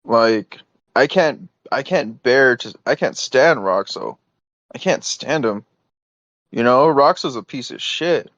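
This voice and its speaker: A man's voice: mid-range voice, lively intonation, takes it slowly, fairly bright tone, no room sound. Insistent man on lo-fi voice chat. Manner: insistent, exasperated, filler-heavy. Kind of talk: heated private voice call. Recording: dull lo-fi voice chat audio.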